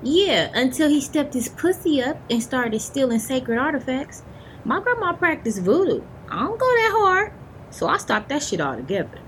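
A woman playing a sassy, outspoken young adult with a drawling, expressive delivery. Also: moderate pace, slight background noise. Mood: playful. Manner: sassy and outspoken, swinging between drawl and high exclamations.

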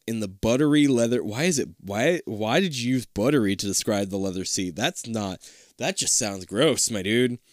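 A man reads a book aloud and breaks off for sarcastic, jokey asides. His pitch swings around a lot, and the sound is dry and close. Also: lively intonation, normal speed, no echo. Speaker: host reading a book aloud. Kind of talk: casual reading with banter.

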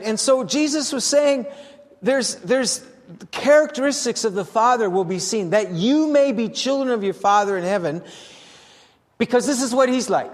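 An older man, a pastor, preaching a sermon with lively asides and questions to the congregation. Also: high voice. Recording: long hall reverb.

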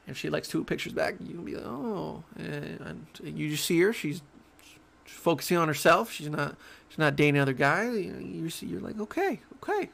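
A young man hosts his own sports podcast in a fairly high, gravelly voice. He's animated and joking as he rambles through casual solo sports talk, stammering and restarting often.

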